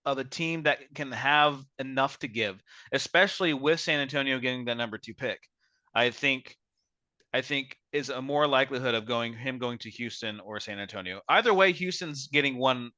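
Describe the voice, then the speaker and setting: A man hosting a casual sports podcast, giving measured opinions with frequent restarts. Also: mid-range voice, bright, forceful tone, no room sound, muffled recording. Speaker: podcast host.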